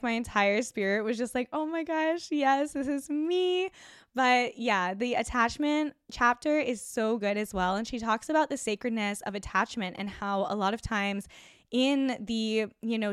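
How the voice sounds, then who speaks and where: A woman's voice: mid-range voice, smooth, dry recording, studio quality. A woman hosting a casual solo podcast from her bedroom at home, talking in an enthusiastic, gushing way with lots of "like". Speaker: podcast host.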